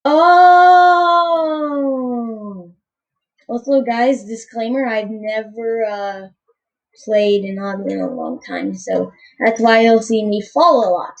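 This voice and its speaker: Goofy, slow-talking woman gaming commentator. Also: mid-range voice, creaky, a little mellow, dull audio. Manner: goofy, rambling, stumbling over words. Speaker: gameplay commentator. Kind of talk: casual gameplay commentary.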